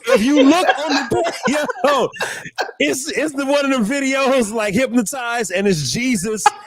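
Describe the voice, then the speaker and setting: A man hosting a casual livestream roundtable, excitable and laughing through his animated storytelling. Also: extremely high pitch, unhurried. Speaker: livestream host.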